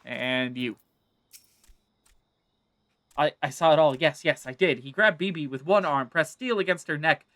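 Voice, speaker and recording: A man's voice: on the high side, measured pace, long pauses, a bit bright, dry recording. A man reading the lines of a timid kobold who rambles in strings of synonyms. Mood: fretful. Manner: lists synonyms one after another.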